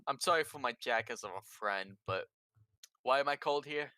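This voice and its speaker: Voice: medium pitch, normal speed, sharp tone, no room sound, clean studio sound. A blunt, swearing player chatting in a casual tabletop role-playing game.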